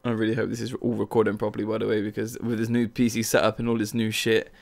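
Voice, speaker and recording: A man's voice: fairly low pitch, monotone, fast, vocal fry. A man giving casual, profane and jokey commentary while playing a video game. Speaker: gameplay commentator. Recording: game music playing behind the voice.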